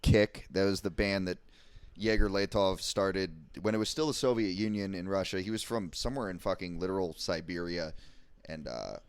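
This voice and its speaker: An American man with a fairly low voice, swearing freely as he rambles through a casual chat about punk records. The recording is dry and close, with no room sound behind him. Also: moderate pace, smooth, no room sound. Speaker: podcast co-host.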